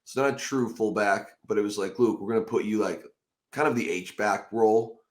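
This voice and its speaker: A man hosting a casual podcast, telling animated, profane stories and acting out quotes loudly. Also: on the low side, moderate pace. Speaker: podcast host.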